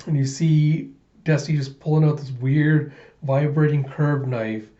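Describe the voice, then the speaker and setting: A man's voice: fairly high pitch, fairly even intonation, unhurried, dark tone. A man casually narrating a comic readthrough, chatty and loose, adding sound effects, in a roomy, dull recording.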